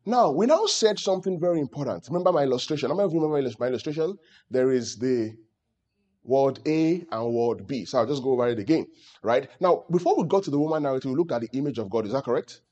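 Husky male pastor teaching with questions. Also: mid-range voice, animated, fast, darkish tone, muffled recording. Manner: calls out questions to the audience. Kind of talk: teaching sermon to a congregation.

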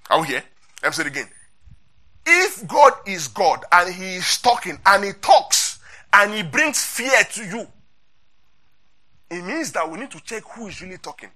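A man's voice: high voice, pushed and bright. A man preaching an interactive Bible sermon, asking his congregation questions and repeating key points.

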